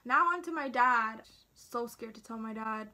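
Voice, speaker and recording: A woman's voice: fairly high pitch, normal speed, pushed and bright. A teenage girl telling her own story casually to her phone camera, chatty and dramatic, acting out her family's lines. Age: teens. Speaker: vlogger.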